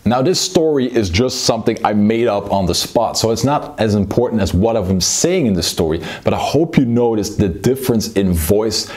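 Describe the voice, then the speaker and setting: Low-voiced man coaching public speaking. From Belgium. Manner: shifts between slow low delivery and fast excited delivery. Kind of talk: public speaking lesson with demonstration.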